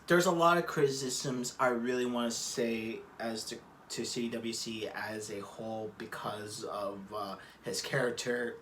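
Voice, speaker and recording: Male vlogger, mid-pitch, loose rambling opinion talk, frequent swearing, home room, faint background hum. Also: fairly bright tone. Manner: rambling, profane, restarts and digressions. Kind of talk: casual rambling commentary.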